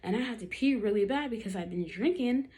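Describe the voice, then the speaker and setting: A woman's voice: fairly high pitch, lively intonation, brisk, warm tone. A young woman chatting to camera, telling a dating story with lots of fillers and acted-out quotes.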